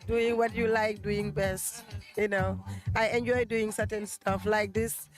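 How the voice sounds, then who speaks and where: Woman interviewee, hoarse from two days outdoors, chatty and laughing, music loud behind her. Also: mid-range voice, little pitch movement, unhurried. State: losing her voice. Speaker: interviewee, event decorator and shop owner. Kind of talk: casual interview mixing Wolof and English. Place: outdoor gala event.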